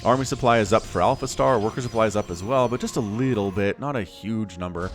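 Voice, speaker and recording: A man giving lively solo play-by-play commentary on a strategy game match, quick and playful, with laughs and sound effects. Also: fairly low pitch, soft background music. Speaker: game caster.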